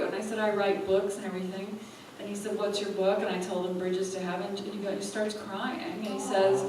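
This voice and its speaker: A woman speaker telling an animated story to a live audience and laughing often as she goes. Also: mid-range voice, moderate pace, crowd noise. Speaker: spiritual teacher and speaker. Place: event hall. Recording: echoey hall, from far off, faint room noise.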